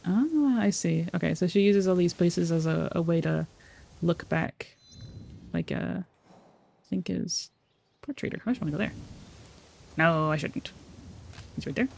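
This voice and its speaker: A woman's voice: on the low side, unhurried, gravelly, pauses often, a little mellow, a little hiss or hum. A woman streaming a game in casual commentary, thinking aloud, reading game text out and repeating words back.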